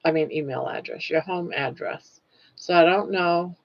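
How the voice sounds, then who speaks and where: A woman's voice: lowish voice, moderate pace, vocal fry, dull audio. A woman in her sixties hosting a casual live stream, chatting and laughing as she reads out comments. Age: 60s. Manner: chatty, laughs often, playful about pronunciation.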